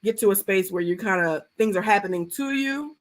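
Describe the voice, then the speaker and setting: A woman's voice: medium pitch, animated, fairly quick. A woman hosting a live video conversation, casual and rambling, full of "like" and "kinda". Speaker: host. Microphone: video call.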